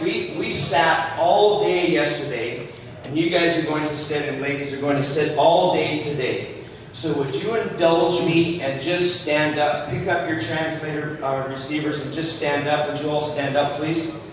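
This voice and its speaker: A man teaching hockey skating to a live audience, animated and jokey as he demonstrates moves. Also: a little high, a little hiss or hum. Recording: echoey hall, distant mic.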